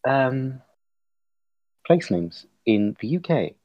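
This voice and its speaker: Young male co-host, slow and animated, giggly list reader, dull lo-fi recording. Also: mid-range voice, very noisy. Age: 20s. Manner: laughs often, reads out a list. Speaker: podcast co-host. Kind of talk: casual chat.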